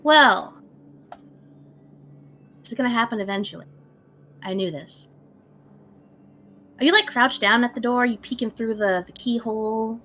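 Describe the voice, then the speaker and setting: A woman's voice: a little high, a little slow, pauses often, a bit bright, highs cut off. A woman narrating a tabletop game as game master, describing scenes in a casual way. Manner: descriptive, laughs easily, casual.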